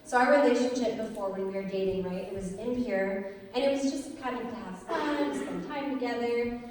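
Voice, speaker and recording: A young woman giving an earnest, lively personal testimony to an audience, telling her story with laughs. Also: a little high, moderate pace, slight background noise. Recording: echoey hall, voice from far off.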